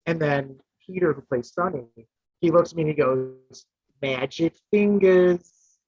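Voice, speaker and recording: A man, a guest contestant, telling a rambling, animated anecdote in casual chat. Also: a little high, normal speed, breathy edge, dry recording. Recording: dull lo-fi dry audio.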